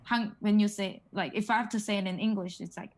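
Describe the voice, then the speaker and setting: A woman's voice: mid-range voice, steady tone, quick pace, darkish tone, low-quality recording. Woman, casual tutor, filler-heavy explanations, models words for repetition. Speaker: Korean language tutor. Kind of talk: casual one-on-one language lesson.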